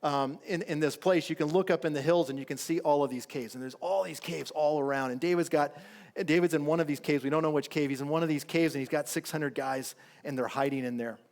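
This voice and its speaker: Animated, fairly high-voiced male preacher. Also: fairly quick. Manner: animated storytelling preacher, voicing characters with rising pitch; turns soft and low when urging listeners. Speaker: pastor. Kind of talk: sermon.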